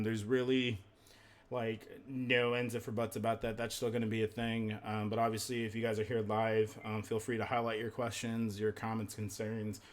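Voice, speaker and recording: A man hosting a casual live gaming podcast, rambling loosely with lots of filler words and casual swearing. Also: on the low side. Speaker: podcast host and streamer.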